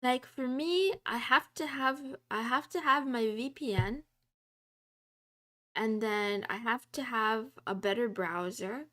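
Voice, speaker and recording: A woman's voice: a little high, a bit bright. A woman streamer chatting casually with her viewers and reading their messages aloud. She giggles often, puts herself down playfully and drops in little meows.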